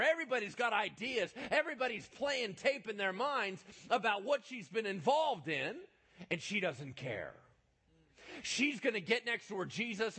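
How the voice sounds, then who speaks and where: A man preaching a sermon, retelling a Bible story with lively storytelling, dropping from loud bursts to hushed asides. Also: sits high, husky.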